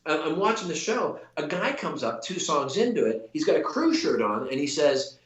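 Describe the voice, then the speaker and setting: Animated man telling a story, roomy echo. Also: a little high, normal speed, dull audio. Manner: animated, many restarts and quoted voices. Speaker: actor guest. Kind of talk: casual storytelling.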